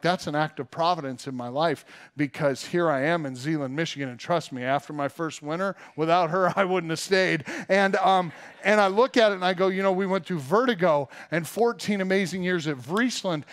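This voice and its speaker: A man's voice: on the high side, fairly bright tone. Conversational man preaching a sermon. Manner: casual, storytelling preacher with fillers. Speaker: pastor. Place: church.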